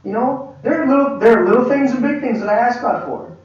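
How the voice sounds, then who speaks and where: A man's voice: very high-pitched, fairly quick. Man teaching in an echoey hall. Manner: animated storyteller, acts out quoted dialogue, many restarts. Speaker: pastor teaching a leadership class. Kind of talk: conversational sermon-style teaching. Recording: echoey hall, distant mic, dull lo-fi.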